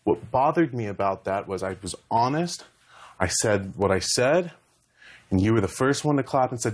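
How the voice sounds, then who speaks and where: A young man with a somewhat low voice talks through a heated confrontation. He rambles and gets emotional, often acting out what others said to him. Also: lively intonation, moderate pace. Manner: rambling, emotional, retells dialogue. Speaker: reality show contestant. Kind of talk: heated conversation.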